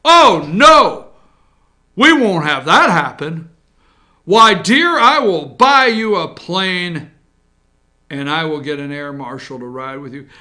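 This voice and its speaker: A man putting on a fawning, slow voice as an indulgent rich husband comforting his wife. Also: on the high side, expressive, pushed and bright, heavily acted.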